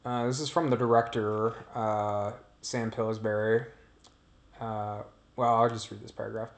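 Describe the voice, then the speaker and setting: Lowish and unhurried, with little pitch movement, this gameplay commentator narrates what he's playing. He rambles casually, digresses, and lets his sentences fade out.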